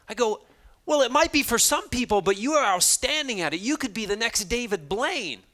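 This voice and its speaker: Man, keynote speaker: high bright voice, animated storyteller who acts out the dialogue, self-deprecating. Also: moderate pace. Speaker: motivational speaker. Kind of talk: storytelling keynote talk to students.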